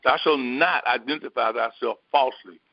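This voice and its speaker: A man giving a slow, reflective spiritual teaching, pausing often and filling gaps with small hesitations. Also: mid-range voice, no room sound, dull audio. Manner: slow, reflective, with many pauses and fillers. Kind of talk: sermon.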